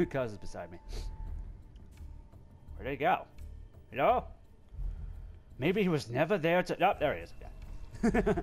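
A man's voice: fairly high pitch, sing-song, unhurried, pauses often, soft background music. A man giving playful let's-play commentary, talking to the game and breaking into squeals and laughs. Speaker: gameplay video host.

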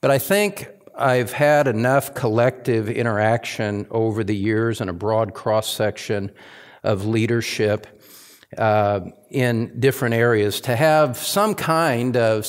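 A middle-aged man preaching a sermon as pastor in a church service that is streamed live, speaking earnestly and reflectively with frequent restarts and asides. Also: fairly low pitch.

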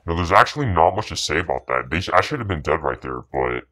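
Very deep-voiced man trash-talking gameplay. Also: big pitch swings, fast, sharp tone. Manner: boastful, profane, contemptuous trash talk; repetitive catchphrases. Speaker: gaming commentator. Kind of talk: gameplay commentary.

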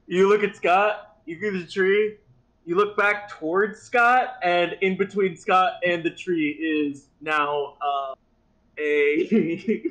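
A man narrating as game master in a relaxed tabletop session. He speaks at a slow, measured pace and sets each scene without hurry. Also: on the high side, rough recording.

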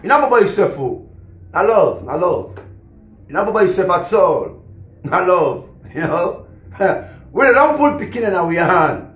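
A man's voice: sits high, very animated, normal speed, a bit bright, faint music behind. A man with a Sierra Leonean Krio accent, ranting casually on a live stream, rambling and repeating himself, laughing between lines. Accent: Sierra Leonean Krio English. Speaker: musician and social media personality. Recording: echoey room.

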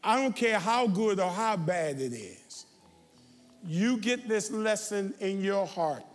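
A man preaching a sermon as pastor, talking straight to his congregation and building to shouted, confrontational calls. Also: high-pitched, animated, takes it slowly, soft background music. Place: large church sanctuary. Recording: reverberant church sanctuary.

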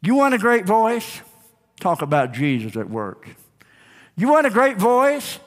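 A man preaches from the pulpit in a high, ringing voice, driving home his points with repetition and calls to the congregation. His sermon carries the long reverb of a church sanctuary. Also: big pitch swings, unhurried. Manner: emphatic preaching with call-and-response, repeated phrases. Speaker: pastor.

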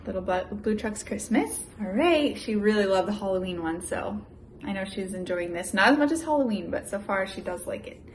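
A young woman and mother chatting casually in a home vlog and reading a children's picture book aloud with lively sound effects. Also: mid-range voice, fairly quick, slight background noise. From United States. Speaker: vlogger, mother.

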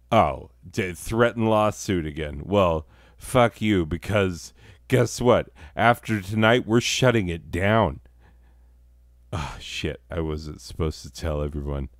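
Man, comedy host, very low voice, dry close sound, crude rambling deadpan. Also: unhurried, no echo.

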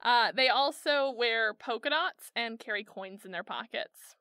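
Bright, slightly high woman; casual podcast co-host, dry close sound, chatty storyteller. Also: no echo. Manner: chatty storyteller, quick asides and laughs. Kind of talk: casual chat.

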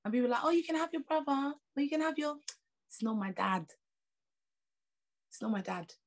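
A woman's voice: high voice, expressive, a little fast. British woman preacher, emphatic, repeats lines for punch, chatty asides. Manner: conversational asides and laughs. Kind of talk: sermon.

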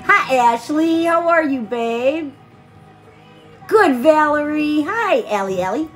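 A woman's voice: sits high, expressive, slow, faint music behind. A tired woman hosting a live stream, chatting casually while she crafts and greeting viewers by name with pet names.

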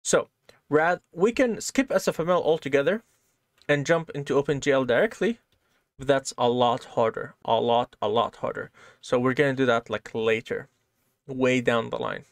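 Dude teaching coding basics, medium voice, super dry mic, keeps saying right?. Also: male voice, mid-range voice, moderate pace, no room sound. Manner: casual, explains step by step, keeps asking "right?". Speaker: programming teacher. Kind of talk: screen-share coding lesson.

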